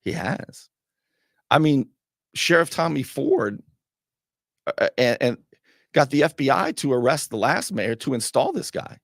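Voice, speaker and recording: A male talk show host with a rough, gravelly and husky voice. He comments on a clip with biting sarcasm, his pitch swinging widely. The sound is dry and close. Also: unhurried, long pauses, dry recording. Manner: sarcastic, mocking, animated. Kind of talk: commentary over a played clip.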